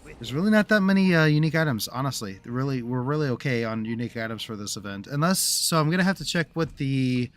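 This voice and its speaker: A man's voice: mid-range voice, animated, fast. Rambling man streaming a game. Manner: rambling, restarts often, chatty with viewers. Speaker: livestreamer. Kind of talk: casual gameplay commentary.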